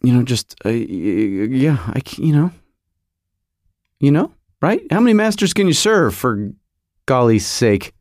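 A man's voice: medium pitch, sing-song, a little mellow, no echo, studio quality. Rambling joking male podcast host. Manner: joking, halting, lots of fillers and restarts. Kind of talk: casual rambling monologue. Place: home studio in a garage.

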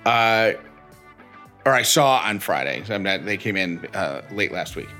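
A man's voice: on the low side, animated, moderate pace, sharp tone, faint music behind. A man co-hosting a podcast, chatting casually and reading listener texts with rambling self-corrections. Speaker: podcast co-host.

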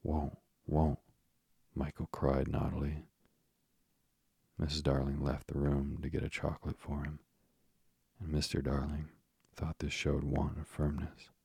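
A man narrating a classic children's story in a gently wry manner. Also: very deep voice, completely flat delivery, a little slow, gravelly, husky, no room sound, clean studio sound.

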